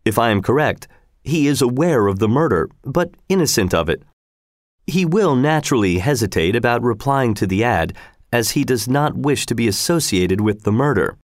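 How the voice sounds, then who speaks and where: A man narrating a story aloud in a steady, measured reading manner. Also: mid-range voice, no room sound, studio quality. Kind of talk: scripted audiobook narration.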